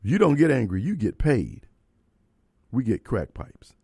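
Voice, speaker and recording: Fiery talk radio host, gravelly. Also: male voice, mid-range voice, huge pitch swings, unhurried, darkish tone, dry recording, clean studio sound. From Mississippi. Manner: blunt, fiery, emphatic.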